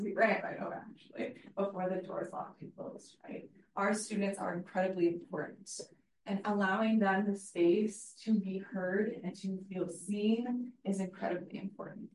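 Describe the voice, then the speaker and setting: A woman teacher giving an earnest, story-driven public speech, with frequent fillers. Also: mid-range voice. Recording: echoey hall from far off.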